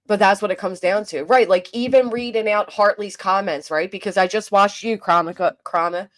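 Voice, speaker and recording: A woman's voice: mid-range voice, normal speed. A woman hosting a commentary livestream, venting in an exasperated, rambling way with frequent restarts and reading chat aloud. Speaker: commentary channel host.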